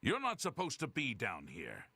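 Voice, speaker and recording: An actor playing a gruff male guard in a fantasy video game, with a raspy voice and a curt, dismissive manner. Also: mid-range voice, wildly swooping pitch, normal speed, sharp tone, full character voice.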